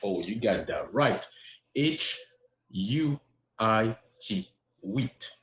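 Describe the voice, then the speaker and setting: A man teaching a live-streamed French lesson, patiently encouraging his viewers and repeating words slowly. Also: on the low side, expressive, fairly bright tone, reverberant, highs cut off. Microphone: live-stream app.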